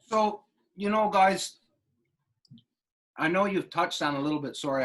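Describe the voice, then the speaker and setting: A man's voice: high voice, unhurried, fairly bright tone. A man hosting a podcast, asking long, loose questions full of fillers. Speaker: podcast host. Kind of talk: casual podcast chat.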